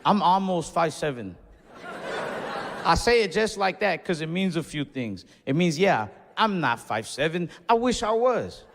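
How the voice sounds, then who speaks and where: A man's voice: fairly high pitch, animated, a little slow, a bit bright, slight background noise. A young man performing stand-up, telling casual, conversational stories with Spanish asides. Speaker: stand-up comedian. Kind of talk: stand-up routine. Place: comedy club stage before a laughing audience. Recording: live stage mic with long hall reverb.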